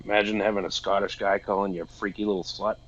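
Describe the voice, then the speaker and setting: A man's voice: fairly low pitch, flat delivery, quick pace, highs cut off, slight background noise. A man joking bluntly in a casual podcast chat.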